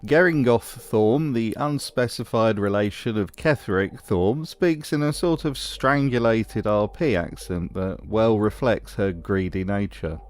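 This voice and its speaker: A man's voice: on the low side, a little slow, few pauses. A man narrating a scripted video analysis of game voices with dry, wry humor.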